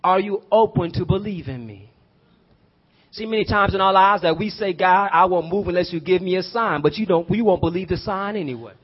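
A man preaching a sermon, swinging from hushed prayer to shouted emphasis, using y'all and rhetorical questions to his listeners. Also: sits high, a little fast, dull audio. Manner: uses y'all and call-and-response questions.

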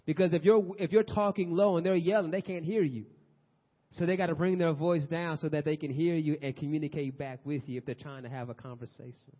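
Man preaching a sermon, loud then hushed, fairly high voice, dull lo-fi sound. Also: fairly even intonation, brisk. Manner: swings from loud urgent exhortation to soft near-whispers. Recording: dull lo-fi audio.

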